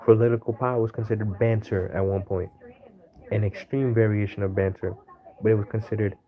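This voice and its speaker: A man with a somewhat low voice talks his way through an unscripted monologue, stopping often to hunt for the right word. The audio is a little dull and lo-fi. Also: level tone, brisk. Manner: rambling, searching for words with many fillers. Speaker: astrology video host.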